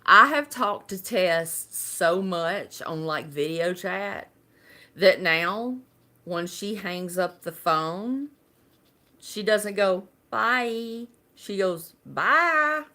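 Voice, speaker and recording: A woman's voice: lowish voice, slow, sharp tone. A woman from Alabama with a Southern accent, chatting casually and rambling on a live stream, laughing often. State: unwell.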